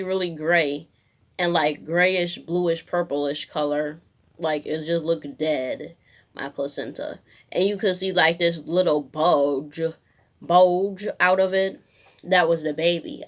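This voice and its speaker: A young woman telling a personal story in a candid, slangy way, acting out what people said. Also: fairly low pitch. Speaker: vlogger. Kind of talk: casual storytime.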